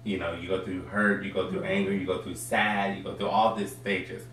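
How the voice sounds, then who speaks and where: A man's voice: deep voice, flat delivery, normal speed, fairly bright tone. A man who is a guest on a casual talk show, speaking earnestly and reflectively, turning playful when he teases the host. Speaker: guest, sweet potato pie baker. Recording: echoey room, distant mic, faint crowd and noise.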